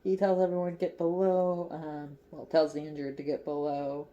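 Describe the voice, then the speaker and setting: A woman's voice: deep voice, flat delivery, moderate pace, mellow, highs cut off. A woman casually recapping a movie as a crochet vlogger, chatty and giggly, with lots of fillers.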